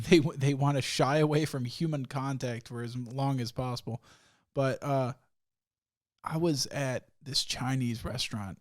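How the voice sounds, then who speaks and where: A young man hosting a solo podcast, telling stories in a rambling, profane way and laughing often. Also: medium pitch. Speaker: podcast host. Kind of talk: casual solo podcast rant.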